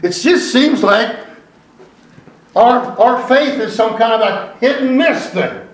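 High-voiced man preaching in an echoey church. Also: animated. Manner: conversational preaching, slowing and rising for emphasis. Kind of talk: sermon. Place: church sanctuary. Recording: echoey room, voice from a distance.

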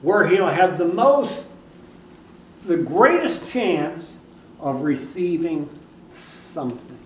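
A man preaching a sermon, telling a story dramatically and swinging between hushed and loud. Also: fairly high pitch, big pitch swings, slow pace, roomy sound, far from the mic, a little hiss or hum, poor audio.

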